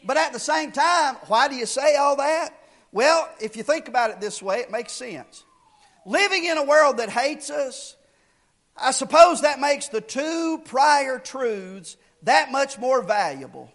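A man preaching a fiery sermon, shouting key lines and then dropping low to explain, repeating phrases for emphasis. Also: expressive, measured pace.

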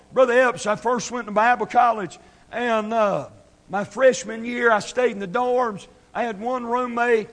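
A man preaching an impassioned sermon, swinging from shouted scripture to quiet asides. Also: extremely high pitch, creaky. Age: 30s.

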